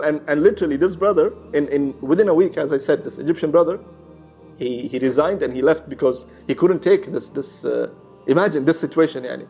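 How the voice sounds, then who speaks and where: A man's voice: fairly high pitch, a little fast, a little mellow. A man telling a religious true story in a casual, conversational way, with many restarts and Arabic phrases mixed in. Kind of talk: casual storytelling with acted quotes. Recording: slightly muffled, faint music behind.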